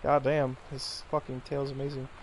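A man giving casual let's-play commentary, excitable and profane, reading in-game notes aloud. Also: mid-range voice, normal speed, slight background noise, poor audio. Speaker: gaming YouTuber.

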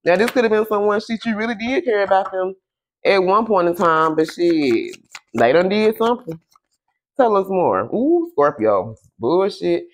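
A man giving a casual tarot reading to camera. He keeps checking in with "okay?" and "y'all", swears freely, and draws his questions to Spirit out slowly while he shuffles. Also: high voice, very animated. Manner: chatty, tags lines with "okay?" and "y'all". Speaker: tarot reader.

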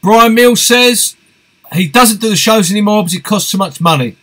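A man's voice: sits high, moderate pace, pushed and bright. A man hosting a live stream, reading out viewer comments and answering them in a chatty, friendly way. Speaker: host of a fishing live stream.

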